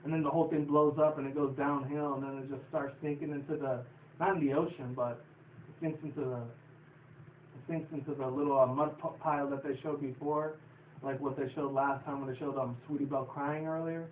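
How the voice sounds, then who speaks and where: A man's voice: medium pitch, steady tone, brisk, a little hiss or hum. Rambling, profane man on a tinny line. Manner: rambling, profane, laughs often. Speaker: show reviewer. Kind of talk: casual episode recap. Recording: tinny distant phone-like audio in an echoey room.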